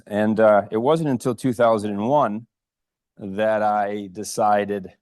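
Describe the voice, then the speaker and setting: A man in his fifties from upstate New York, a prosthodontist giving a conference lecture, unhurried and full of ums and restarts. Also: fairly low pitch, a little mellow, no echo, clean studio sound. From Rochester, New York. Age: 50s. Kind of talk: conference talk. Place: lecture room.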